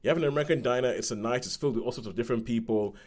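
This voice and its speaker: A man's voice: mid-range voice, rapid-fire, a little mellow. A man, co-hosting a podcast, chatting casually about a film, rambling and restarting often and acting out quotes. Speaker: podcast co-host. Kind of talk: casual film review chat.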